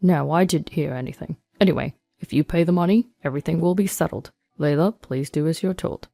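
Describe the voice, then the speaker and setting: A man's voice: a little high, brisk, creaky, warm tone, dry recording, faint music behind. A woman reading as a stern police officer.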